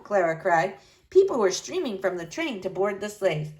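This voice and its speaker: Expressive woman reading a storybook. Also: on the low side, moderate pace. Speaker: narrator. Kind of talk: storybook read-aloud.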